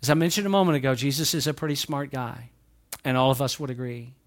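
A man with a Southern American accent, preaching a sermon as pastor, swinging between raised exhortation and quieter asides. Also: medium pitch, steady tone, quick pace. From Southern United States. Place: church sanctuary.

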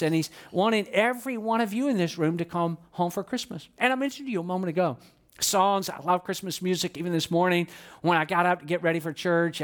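Folksy man preaching, slightly high voice. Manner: folksy storytelling, conversational asides. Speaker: pastor. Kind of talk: sermon. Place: church auditorium.

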